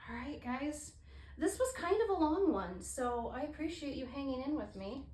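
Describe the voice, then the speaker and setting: A woman's voice: high voice, expressive, moderate pace, darkish tone. A woman demonstrating fluid art, chatting casually and thinking aloud as she works, with apologetic asides. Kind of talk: casual painting tutorial. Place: roomy art studio. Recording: echoey room with faint ambient hiss.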